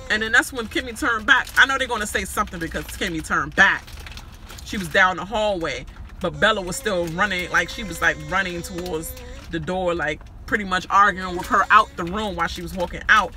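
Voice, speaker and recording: A man recapping a reality show in casual, profane talk, retelling arguments animatedly and acting out what others said. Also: sits high. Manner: animated, fast retelling with vivid voices for others.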